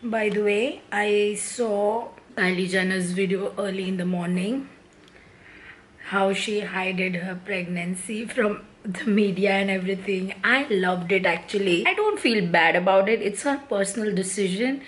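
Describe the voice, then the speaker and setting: A woman's voice: mid-range voice, fairly even intonation, a little slow, slight background noise, rough recording. Chatty woman in her thirties. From India. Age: 30s. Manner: chatty, confiding, talks to camera. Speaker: vlogger. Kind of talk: casual vlog chat. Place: home, bathroom.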